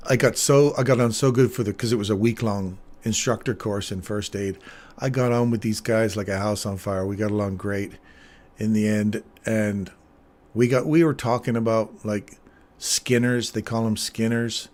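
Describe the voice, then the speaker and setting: A man's voice: on the low side, steady tone, normal speed, a little mellow. A man hosting a livestream, casually telling rambling anecdotes with chuckles and plenty of fillers. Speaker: trading livestream host.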